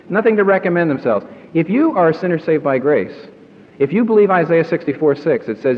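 A man preaching an emphatic sermon to a congregation, often putting questions to his listeners. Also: on the high side. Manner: emphatic, asks the audience questions. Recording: muffled recording in a reverberant hall.

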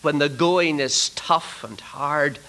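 A man preaching a sermon to trainee ministers, swinging from loud emphatic declarations to hushed, near-whispered lines. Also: a little high, takes it slowly, low-quality recording.

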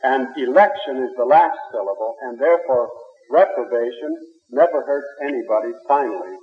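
A man preaching a theological sermon in a church, measured and argumentative, with rhetorical questions. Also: fairly high pitch. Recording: echoey hall on a tinny old line.

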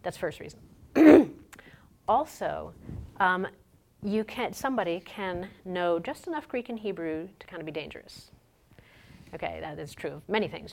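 Low gravelly-voiced woman teacher. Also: a little hiss or hum. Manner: conversational, thinks aloud with many fillers and restarts. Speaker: Hebrew teacher. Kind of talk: informal talk on biblical languages.

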